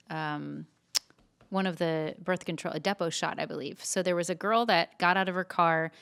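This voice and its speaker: Bright, crisp-voiced woman telling a story. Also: fairly low pitch. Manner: chatty, narrates with acted quotes. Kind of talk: casual podcast storytelling.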